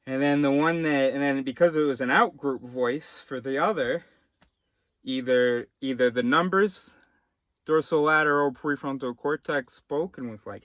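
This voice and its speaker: A man talking in a rambling, casual monologue, swinging from low mumbles to sudden shouting and swearing. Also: unhurried, no echo. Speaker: vlogger.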